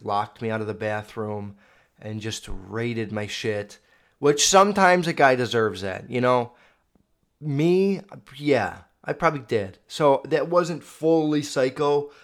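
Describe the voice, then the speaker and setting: Rambling, profane young man telling stories. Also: medium pitch. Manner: rambling, profane, self-correcting. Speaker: podcast host. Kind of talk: casual storytelling monologue. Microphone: video podcast mic.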